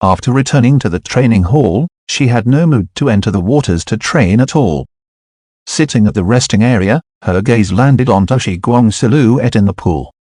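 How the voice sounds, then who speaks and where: A man narrating a web novel as an audiobook, measured and even. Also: on the low side, no room sound, studio quality.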